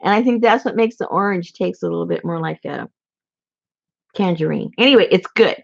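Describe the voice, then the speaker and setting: A woman's voice: fairly low pitch, animated, fairly quick, vocal fry, muffled recording. A woman chatting casually in a vlog, giggly and rambling as she shows off handmade gifts. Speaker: crafter showing handmade gifts.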